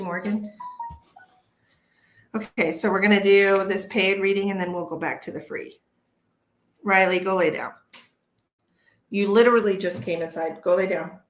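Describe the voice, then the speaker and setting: A woman hosting a casual psychic livestream from home, chatty and tired, greeting viewers by name and swearing freely. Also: medium pitch. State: tired from early work hours. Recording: echoey room.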